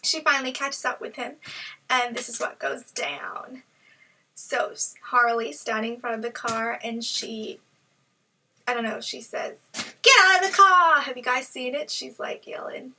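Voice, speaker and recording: A young woman chatting casually on a vlog, joking and giggling as she goes. Her voice is bright and a little high. She sits somewhat back from the mic. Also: measured pace, recorded from a distance, slight background noise, low-quality recording. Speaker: vlogger. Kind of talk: casual chat.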